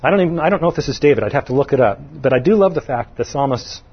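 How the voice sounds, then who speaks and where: A man's voice: medium pitch, animated, very fast, husky, highs cut off. A middle-aged man giving a conversational sermon in a folksy way, asking the audience questions and lifting his voice to stress points. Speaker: preacher.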